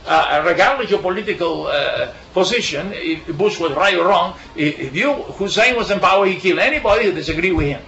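A man giving an informal Bible talk full of anecdotes, halting with frequent fillers and restarts. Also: high-pitched, expressive, sharp tone. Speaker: bible study speaker. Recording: echoey room, dull lo-fi sound.

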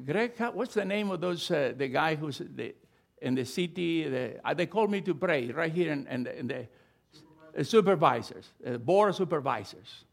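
Lively, high-voiced preaching man. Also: moderate pace, gravelly. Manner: impassioned preaching with storytelling asides. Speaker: pastor. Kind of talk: sermon.

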